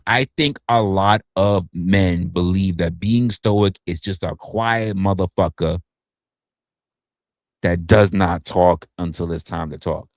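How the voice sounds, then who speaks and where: In clean studio audio with no room sound, a man hosting a casual livestream chats loosely and swears, regularly stumbling and restarting. He sounds animated, his pitch swinging widely.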